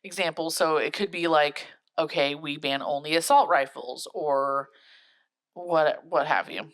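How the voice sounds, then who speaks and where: A woman's voice: deep voice, measured pace. A woman co-hosting a casual podcast, reading definitions aloud and laughing often. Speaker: podcast co-host. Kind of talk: casual chat.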